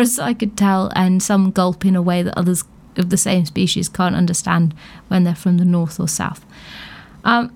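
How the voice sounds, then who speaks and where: A woman hosting a radio show, chatting casually with frequent laughs and thinking aloud. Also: mid-range voice. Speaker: radio host.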